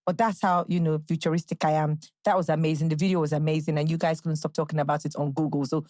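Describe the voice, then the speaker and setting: A woman's voice: low-pitched, little pitch movement, fast, a little mellow, no room sound. Chatty Nigerian woman podcast host. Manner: chatty, bubbly, jumps into playful quotes and impressions. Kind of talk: casual solo podcast chat.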